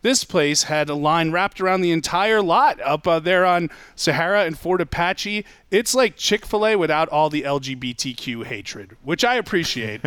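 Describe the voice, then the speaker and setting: A wisecracking man riffs through a casual podcast chat. His voice sits a little high and sounds dry and close to the mic. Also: a bit bright, clean tone, no room sound. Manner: wisecracking, sarcastic. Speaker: podcast co-host.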